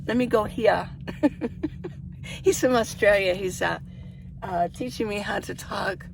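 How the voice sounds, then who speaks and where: Gravelly-voiced woman chatting in a minivan. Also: mid-range voice, a little hiss or hum. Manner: chatty, rambling, laughs often. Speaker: vlogger. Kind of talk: casual vlog tour of her minivan. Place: inside a parked minivan.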